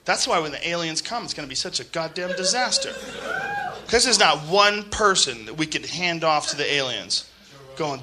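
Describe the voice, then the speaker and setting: A man doing a stand-up comedy set, profane and ranting, swinging from shouting bits to low muttered asides. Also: animated, normal speed, noisy background.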